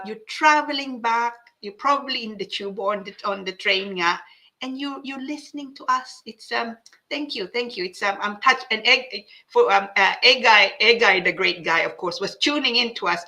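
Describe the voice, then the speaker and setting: Bright, chatty woman host. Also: mid-range voice. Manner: chatty, mixes English with Tagalog, frequent fillers and restarts. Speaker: host reading viewer comments. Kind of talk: casual live-show chat.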